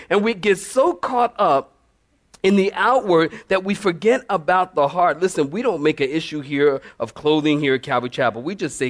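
A male pastor preaching a sermon, animated and storytelling with laughing asides. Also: high voice, moderate pace.

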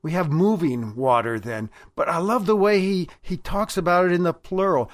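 Earnest male pastor, higher voice. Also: expressive, moderate pace, few pauses, no echo, studio quality. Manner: earnest, emphatic preaching. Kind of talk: sermon.

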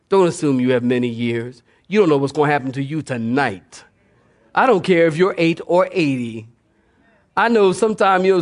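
Older pastor preaching with folksy energy. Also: male voice, high-pitched. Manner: animated preaching with audience call-outs; folksy, conversational. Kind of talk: sermon.

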